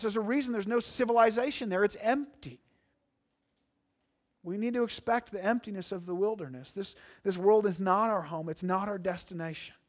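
Earnest high-voiced male preacher. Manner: earnest, emphatic, with repeated restarts. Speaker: pastor. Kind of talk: sermon.

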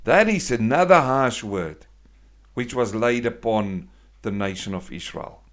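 A man preaching a sermon, asking his listeners questions and answering them himself, moving between hushed and loud passages. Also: medium pitch, lively intonation, measured pace. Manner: emphatic, asks the congregation questions and answers them.

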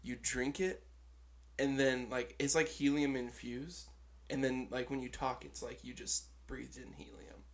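A man's voice: mid-range voice, measured pace. A man co-hosting a podcast in casual chat, joking, rambling and laughing at himself. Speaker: podcast co-host.

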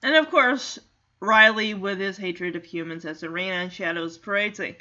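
A woman casually recapping a family film in an excitable, animated way, on a dull lo-fi recording. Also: mid-range voice, normal speed. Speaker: movie recap host.

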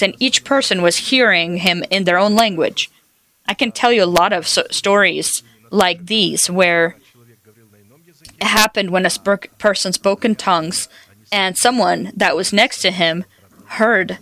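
A woman's voice: fairly low pitch, unhurried, fairly bright tone, dry recording. A woman preaching a sermon, telling personal stories and quoting scripture in an earnest way. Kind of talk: sermon teaching.

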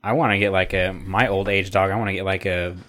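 A man's voice: sits low, steady tone, fast, fairly bright tone. A man co-hosting a podcast, trading crude jokes in casual banter. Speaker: podcast co-host. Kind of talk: casual chat.

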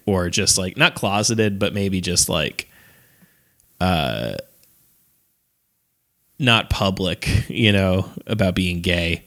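A man's voice: low voice, lively intonation, takes it slowly, pauses often, pushed and bright. Rambling man recapping a movie, laughing. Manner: rambling, frequent fillers, laughs while retelling scenes. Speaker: podcast co-host. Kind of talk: casual movie recap chat.

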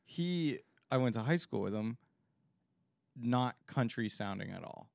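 A man's voice: medium pitch, animated, a little slow, vocal fry, darkish tone, dry recording, studio quality. Playful man from Pennsylvania asking questions. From Pennsylvania, USA. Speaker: podcast co-host. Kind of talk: casual podcast chat.

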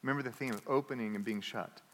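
A man preaching a sermon as pastor, telling a story in an animated way and acting out the characters. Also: medium pitch, fast, big-room sound. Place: church.

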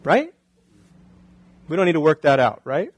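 A man's voice: a little high, very animated, unhurried, husky, poor audio. A male pastor preaching a sermon in a conversational way, often asking the congregation rhetorical questions.

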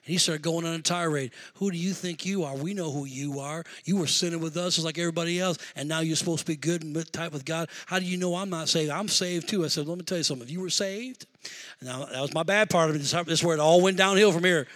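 A man preaches a sermon, his voice sitting high and sounding bright and forceful. He moves from quiet personal storytelling into fervent, rising exhortation. He sounds middle-aged and speaks with the ease of a practiced pastor. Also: fast talker, hardly any pauses.

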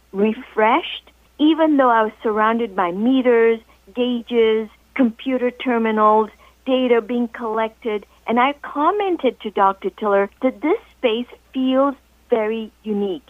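A woman guest author telling a story in a radio interview, explaining in a measured, deliberate way over the phone. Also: on the high side, no echo. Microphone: telephone. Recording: tinny phone line, dry.

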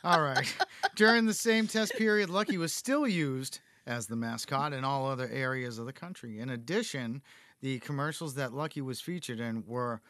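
A man's voice: mid-range voice, normal speed, fairly bright tone, no room sound. A male podcast host casually reading cereal history from notes, cracking jokes and laughing often. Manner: jokey, laughs often, reads notes aloud.

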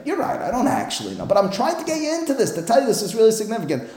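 A man teaching a Talmud class as a rabbi, animated and acting out both sides of a dialogue, peppering his English with Hebrew terms. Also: high voice, rapid-fire, few pauses. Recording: roomy echo.

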